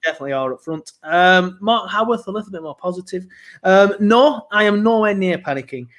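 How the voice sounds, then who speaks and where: Chatty man, higher voice. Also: a little fast. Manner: chatty, self-mocking, animated storytelling. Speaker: podcast co-host. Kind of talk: casual chat.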